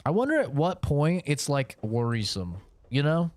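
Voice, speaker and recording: A man's voice: a little high, sing-song, moderate pace, a little mellow, no room sound. A young man streaming a game, telling a rambling, profane story in a casual chat full of fillers. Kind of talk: casual storytelling while gaming.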